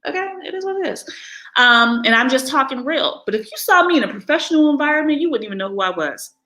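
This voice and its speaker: This is an American woman with an African American English accent, talking off the cuff in a live vlog. Her voice is bright and forward, with a candid, unfiltered manner. She laughs readily and throws in animated little impressions of other people. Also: sits high, fast, rough recording. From United States. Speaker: vlogger living abroad. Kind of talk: casual live-stream monologue.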